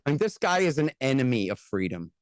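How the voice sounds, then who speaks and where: American guy ranting sarcastic on a podcast, mid pitch, dry close sound. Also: sing-song, dry recording. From United States. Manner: blunt, sarcastic, rapid ranting with mocking quoted voices. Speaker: guest, antiwar radio host and author. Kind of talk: casual podcast interview.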